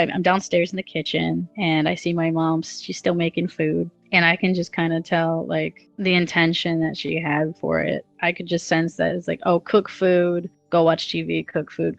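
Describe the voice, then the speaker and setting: A woman's voice: lowish voice, vocal fry, no room sound. A young woman telling a long personal story in a casual, rambling way, often giggling and using fillers. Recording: dull lo-fi audio with faint music.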